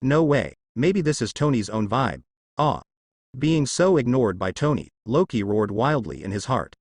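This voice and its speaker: A man narrating a translated fan novel in a steady reading voice. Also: medium pitch, a little slow, no room sound, clean studio sound.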